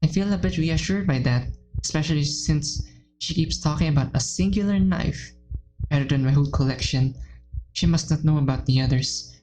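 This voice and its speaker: A woman reading aloud as a timid, anxious, self-blaming teenage girl in a visual novel game, in a low, mellow voice. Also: moderate pace, a little hiss or hum, close to an everyday voice, rough recording. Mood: relieved.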